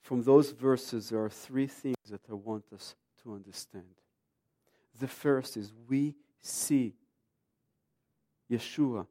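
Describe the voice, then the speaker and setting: A man in his thirties preaching a sermon emphatically, swinging between hushed lines and loud ones. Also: mid-range voice, animated, takes it slowly, pauses often, no room sound, clean studio sound.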